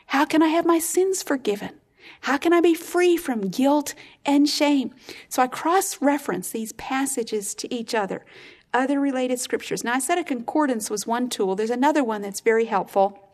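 A woman preaching a sermon, teaching earnestly and slowing down to stress key points. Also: on the high side.

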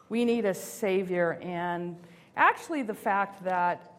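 A woman giving a sermon-style talk, expressive and acting out inner voices, slowing down for emphasis. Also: mid-range voice. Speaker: speaker.

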